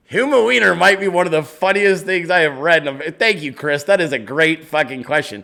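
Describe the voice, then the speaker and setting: A man hosts his own casual show, reading viewer emails and riffing on them with loose, profane energy. His voice sits a bit high for a man and swoops all over the place. The tone is bright and forceful. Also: moderate pace, vocal fry, few pauses. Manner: loose, profane, laughing, animated storytelling. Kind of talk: casual political chat show.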